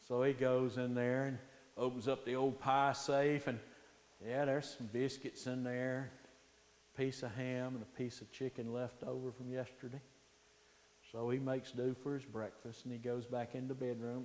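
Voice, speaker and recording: A man telling a folktale aloud with animated, dramatic pacing, dropping into hushed tones for suspense. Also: medium pitch, moderate pace, echoey room, long reverb tail. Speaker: storyteller.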